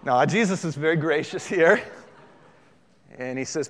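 A pastor delivering a sermon, animated and conversational, with bits of humor woven in. His voice sits slightly high for a man. A long hall reverb trails after each phrase. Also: measured pace.

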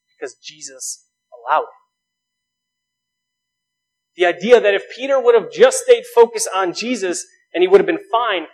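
A man's voice: sits high, low-quality recording. A man preaching a sermon, earnest, building emphasis through rhetorical questions. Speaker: pastor.

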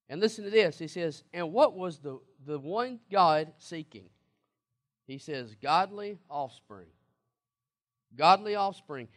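A man's voice: sits high, a bit bright. A man preaching a sermon, emphatic, repeating words and asking the congregation questions. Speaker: pastor.

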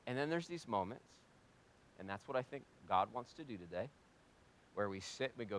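A male pastor preaching a sermon, swinging between hushed and loud delivery and asking rhetorical questions he answers himself. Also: lowish voice, lively intonation, normal speed, pauses often.

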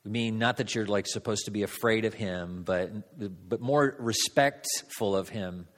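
A man pastor giving a sermon in a church, conversational and halting, with frequent fillers. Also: on the low side, big-room sound. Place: church sanctuary.

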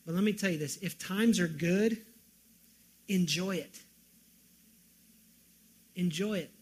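A man preaching a sermon as pastor, moving from loud pleading questions to quiet, earnest emphasis. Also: high voice.

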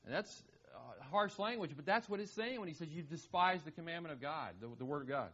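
A man's voice: a little high, lively intonation, brisk, a bit bright. A man preaching a sermon in an earnest manner, asking rhetorical questions and often repeating words as he goes. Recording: dull lo-fi sound.

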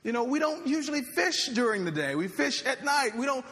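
A man's voice: very high-pitched, sing-song, fairly quick, fairly bright tone, voice pushed up, heavily acted. A man voicing an exasperated, weary fisherman who grudgingly pleads and gives in. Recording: reverberant hall.

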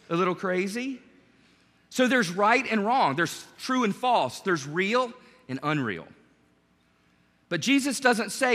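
A man preaching a sermon as pastor, animated and conversational, joking with his congregation. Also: high voice, takes it slowly, long pauses, big-room sound.

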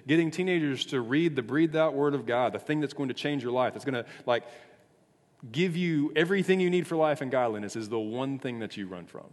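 A man giving a casual youth sermon, full of "like" fillers, moving between hushed and emphatic. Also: medium pitch, fairly quick. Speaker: youth pastor. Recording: echoey hall reverb.

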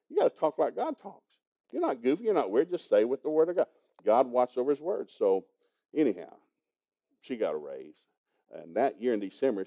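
Older man, preacher, sermon, folksy and emphatic, very dark mellow voice, animated pitch.

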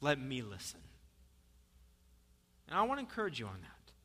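A male pastor preaching a sermon, telling the story with lively animation and then easing into soft, earnest urging. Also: medium pitch, normal speed, breathy edge. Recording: long reverb of a church hall.

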